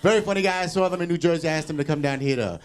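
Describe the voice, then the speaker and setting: Upbeat high-voiced comedy emcee. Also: male voice, racing, clear, resonant tone. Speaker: comedy show host. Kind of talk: emceeing and introducing acts.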